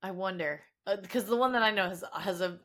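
A woman's voice: mid-range voice, brisk. A woman with a mid-range voice shares audition stories as a podcast guest. She talks casually, with restarts and self-deprecating humor. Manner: animated anecdotes, self-deprecating, trailing restarts. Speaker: guest voice actor and coach. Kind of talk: casual storytelling interview.

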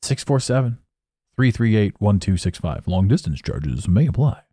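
A man hosts his own podcast in a loose, rambling monologue, swearing and chuckling at his own lines. His pitch swings widely as he talks. The sound is dry and close to the mic. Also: moderate pace, husky, dry recording. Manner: animated, swearing, laughing at his own jokes. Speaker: podcast host.

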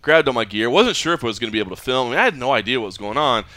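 Bright-voiced man hosting a podcast. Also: medium pitch, very fast, no room sound. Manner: animated storyteller, acts out others' lines. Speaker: podcast host. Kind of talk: casual podcast chat.

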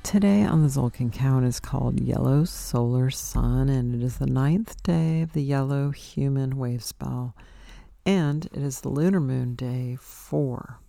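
A woman's voice: very deep voice, measured pace, creaky, dark tone, no echo. A tired woman podcast host in a rambling, reflective spiritual monologue, breaking into exasperated quoted outbursts.

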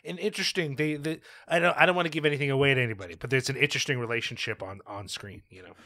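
A man's voice: mid-range voice, very fast, pushed and bright, dry recording, clean studio sound. A man talking casually on a podcast, rambling and self-deprecating as he swears his way through stories. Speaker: podcast guest.

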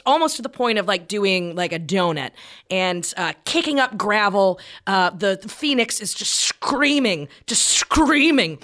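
A woman's voice: mid-range voice, a bit bright. Woman, tabletop game player, rambling, lots of fillers. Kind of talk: tabletop game narration and in-character talk.

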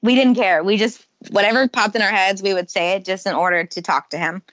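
A woman's voice: mid-range voice, fairly quick, dry recording. Chatty woman in a muffled recording. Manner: chatty, laughs often, lively retelling. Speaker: guest. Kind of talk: casual storytelling interview.

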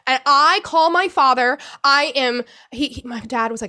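A young woman recounting a painful personal ordeal as an interview guest, emotional and halting, with many restarts and some swearing. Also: a little high, sharp tone, smooth. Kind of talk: personal account in a podcast interview.

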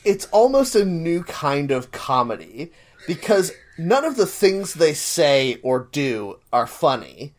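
A man hosts a chatty comedy podcast with his friends. His delivery is wry and rambling, and he swears for emphasis. His pitch swings up and down a lot as he talks. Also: big pitch swings, slow pace. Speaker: podcast co-host. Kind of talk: casual comedic chat.

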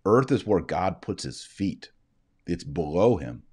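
A man with a notably low voice lectures on scripture from his desk. He explains in an easygoing, conversational way, posing rhetorical questions and then answering them. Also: big pitch swings, unhurried, darkish tone, slightly rough. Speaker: Bible teacher. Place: indoors, seated at a desk with a shared screen.

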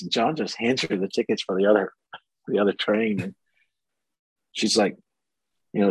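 A man with a low, husky voice spins a story on a podcast, acting out each person he quotes. The sound is close and dry, with no room around it. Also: fairly even intonation, moderate pace, pauses often, no room sound, rough recording. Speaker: podcast guest. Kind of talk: casual storytelling.

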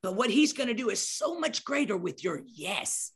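A woman's voice: medium pitch, very animated, moderate pace, breathy edge. A middle-aged woman telling a story with emphatic, preacherly energy, acting out scenes as she goes. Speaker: podcast guest speaker. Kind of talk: animated storytelling.

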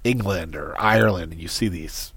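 An American man co-hosting a casual movie chat, relaxed and agreeable. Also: sits low, moderate pace, slightly rough, dry recording. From United States. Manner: relaxed, agreeable, laughs along. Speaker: podcast co-host.

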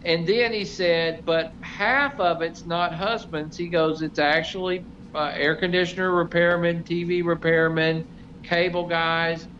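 A man's voice: a little high, steady tone, measured pace, fairly bright tone. A middle-aged man telling a self-deprecating story in casual chat, rambling with many fillers. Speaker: show regular. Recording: slightly dull, faint noise.

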